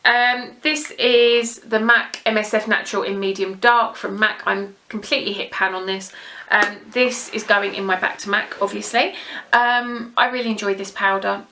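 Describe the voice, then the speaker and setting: Bright-voiced chatty British woman vlogger. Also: mid-range voice, fairly even intonation, moderate pace. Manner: chatty, rambling, gushing. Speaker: beauty vlogger. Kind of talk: casual chat to camera.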